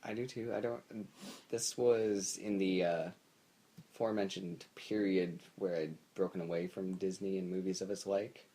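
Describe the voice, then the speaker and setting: A man's voice: low-pitched, fairly even intonation, moderate pace, mellow. A young adult man co-hosting a podcast in casual chat, laid-back and hesitant, searching for his words. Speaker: podcast co-host.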